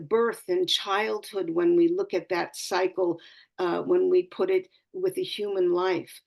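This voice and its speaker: A woman's voice: mid-range voice, gravelly, a little mellow. A woman astrologer giving an earnest, spiritual talk on a community call, searching for words and often restarting her phrases.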